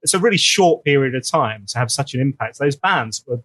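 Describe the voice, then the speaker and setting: A man hosting a podcast, asking a guest quick, eager questions. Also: mid-range voice, animated, crowd noise. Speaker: podcast host. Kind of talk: interviewing a guest before a live audience.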